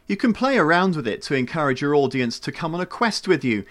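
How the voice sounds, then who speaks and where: A man narrating a scripted lesson on using the voice, in a measured, demonstrative way. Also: medium pitch, a bit bright. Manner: measured, demonstrative, shifts tone to show examples. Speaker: voice coach.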